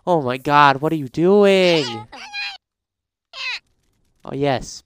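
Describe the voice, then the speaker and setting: A man playing a life-sim game, reading prompts aloud and reacting in casual let's-play commentary, getting frantic and shouty when things go wrong. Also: a little high, slow pace, pauses often. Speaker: gaming YouTuber.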